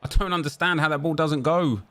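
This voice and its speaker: A man's voice: a little high, a little fast, pushed and bright. A man hosting a gaming video, commentating live on his own play in an exasperated way, repeating himself and swearing.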